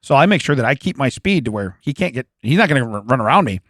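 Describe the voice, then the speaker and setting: A man's voice: medium pitch, very animated, fast, fairly bright tone, no room sound, clean studio sound. A man in his forties, a podcast co-host, telling stories in casual chat, laughing often and acting out the quotes.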